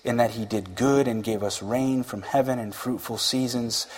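Husky man preaching in echoing hall. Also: mid-range voice, steady tone, moderate pace. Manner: conversational, laughs often, acts out quoted speech. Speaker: pastor. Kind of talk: sermon.

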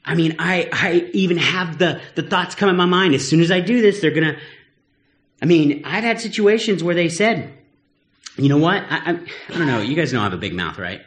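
A man's voice: high-pitched, normal speed, fairly bright tone, roomy sound. A middle-aged man, a pastor, preaching a sermon in a candid, conversational way and telling personal stories.

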